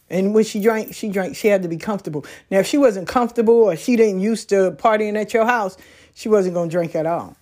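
Woman, porch monologue, folksy and animated, plain middle pitch, outdoors. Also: brisk. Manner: folksy, animated storytelling with laughs. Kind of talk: casual monologue.

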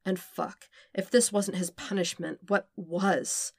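A woman reading fan fiction aloud with steady, even narration. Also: medium pitch, slow pace, vocal fry, husky, no echo, studio quality. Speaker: podfic reader.

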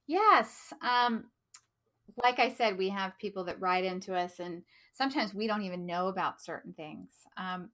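An American woman co-hosting a podcast, explaining stories in a chatty, easygoing way. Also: medium pitch. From United States. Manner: bright, chatty, laughs easily. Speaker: podcast co-host. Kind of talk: casual podcast chat.

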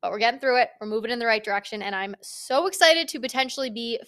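A young woman talks solo on her podcast with bright, upbeat energy. Her voice sits a little higher than most women's, and she chats casually, tossing in the odd swear word. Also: expressive, quick pace. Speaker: podcast host.

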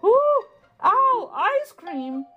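A woman voicing a fussy storybook owl with a high, hooting voice. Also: big pitch swings, drawn-out words, muffled recording, soft background music, full character voice. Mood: startled.

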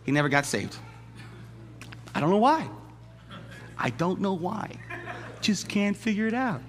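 A male pastor preaching a lively, joking sermon in a church, often acting out the people he describes. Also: sits high, measured pace. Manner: animated, jokey, acts out quoted voices. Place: church sanctuary. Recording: long church hall reverb.

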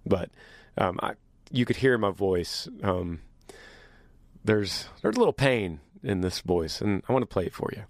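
A man hosting a casual monologue to his viewers, animated and joking, teasing as he talks. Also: lowish voice, measured pace, no echo, clean studio sound. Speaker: host.

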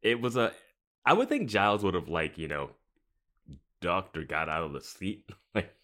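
Male podcast co-host, low and lively, easygoing with frequent laughs. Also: moderate pace. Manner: easygoing, laughs often, hedges with "like". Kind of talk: casual chat.

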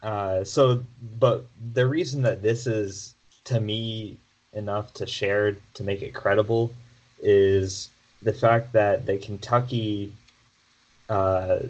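A man's voice: on the low side, darkish tone, poor audio. A man giving a casual, filler-heavy sports update as a podcast co-host. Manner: conversational, frequent fillers and restarts.

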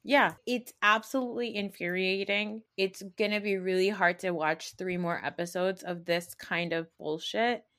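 Female podcast co-host, mid pitch, exasperated chatting. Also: fairly even intonation, normal speed, hardly any pauses, fairly bright tone. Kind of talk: casual recap chat.

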